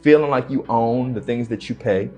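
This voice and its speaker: Halting man telling a personal story. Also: medium pitch, darkish tone, soft background music. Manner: slow, halting storytelling with casual slang. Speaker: interview guest. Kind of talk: recounting a personal story in an interview.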